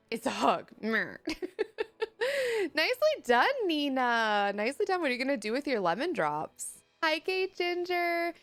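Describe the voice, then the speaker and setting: A woman's voice: on the high side, fairly bright tone. A young woman chatting casually on a live stream, reading chat messages aloud and laughing often. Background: faint music.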